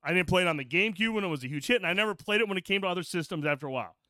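A man's voice: high-pitched, lively intonation, racing, sharp tone, no room sound, clean studio sound. A man co-hosting a podcast, chatting casually and telling rambling, profane stories. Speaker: podcast co-host. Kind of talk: casual chat.

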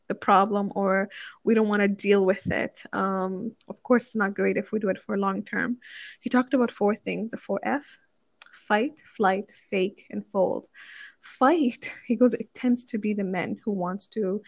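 With a mid-range voice and no echo, a young woman talks casually about marriage, offering advice. She works through her thoughts out loud, often restarting and using lots of filler words.

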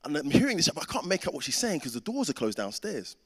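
Animated pastor in a reverberant hall. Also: male voice, a little high, quick pace, breathy edge. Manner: animated storyteller who acts out the voices in his story. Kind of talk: sermon with a personal story.

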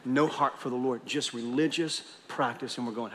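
A man's voice: mid-range voice, steady tone, a little fast, a bit bright, slight background noise. A man preaching a sermon as pastor, emphatic, often repeating words as he presses a point home. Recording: long reverb of a large hall.

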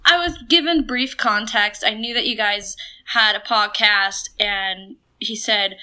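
A woman's voice: mid-range voice, bright, forceful tone, clear, resonant tone. A young woman from Maine with a New England accent, chatting casually as a podcast guest. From Portland, Maine. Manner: chatty, laughing, quick asides. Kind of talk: casual chat.

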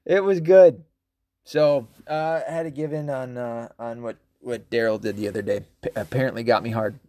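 A male podcast host talking off the cuff in a loose solo monologue, cursing freely and circling back on himself. His voice sits at an ordinary middle pitch. The recording is dry and close, with no room sound. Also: steady tone, normal speed, warm tone, no room sound. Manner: rambling and profane, with frequent fillers and laughs.

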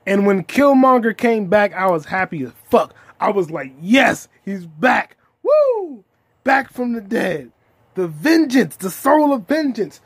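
A young man with a somewhat high, husky voice hosts a solo comedy podcast. He talks in a loose, profane rant that jumps into loud shouts without warning. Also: very animated, measured pace, no echo.

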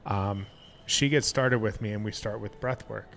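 A man's voice: lowish voice, fairly even intonation, normal speed, gravelly, fairly bright tone, a little hiss or hum. A man in casual podcast talk, candidly telling a personal story with frequent swearing and restarts. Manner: candid and profane, many restarts. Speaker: guest.

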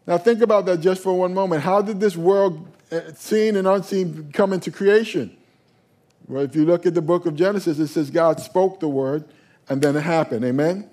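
A man's voice: high voice, moderate pace, darkish tone. A male pastor preaching a sermon, calling for responses from the congregation and often restarting his phrases. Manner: call-and-response, stumbling restarts.

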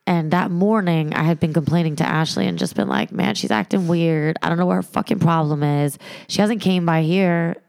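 A woman telling a wild personal story on a podcast, profane and animated, acting out the other people in it. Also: on the low side, normal speed, gravelly, hardly any pauses. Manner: animated, profane, acts out quoted voices. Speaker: podcast guest. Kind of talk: casual storytelling chat.

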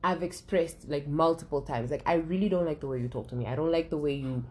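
A young woman with a notably low voice speaks in a casual, candid conversation. She talks openly and emotionally, swears freely, and often restarts her sentences mid-thought. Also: fast talker, darkish tone, slight background noise, rough recording. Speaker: guest sharing her story.

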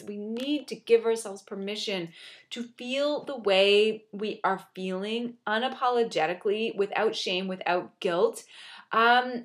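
Brief: young adult woman, motivational talker, earnest and encouraging, mid-pitched voice. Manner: earnest, encouraging, repetitive emphasis. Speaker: motivational speaker. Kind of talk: motivational monologue.

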